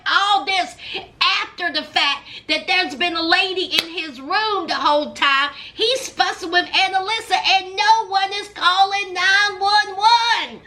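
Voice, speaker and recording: A woman's voice: extremely high pitch, unhurried, sharp tone. A woman hosting her own channel, recapping a reality show in casual commentary, talking straight to her viewers and drawing out her exclamations. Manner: dramatic, exclaiming and drawing out words.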